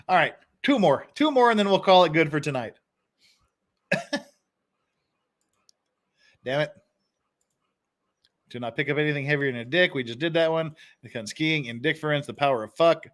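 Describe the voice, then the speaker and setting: A man's voice: a little high, animated, normal speed, long pauses, a bit bright. A man hosting a casual live stream, reading phrases aloud and chuckling often.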